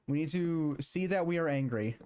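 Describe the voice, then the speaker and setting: A man streaming, talking casually and then reading scripture aloud in a halting way, with many filler sounds and restarts. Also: fairly high pitch, darkish tone, smooth.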